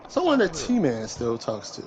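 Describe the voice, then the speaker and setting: A man's voice: mid-range voice, wildly swooping pitch, measured pace, over a noisy crowd. A man co-hosting a gaming podcast, talking casually and bluntly while playing, sometimes mimicking others. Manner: laid-back, blunt, mimics others mockingly.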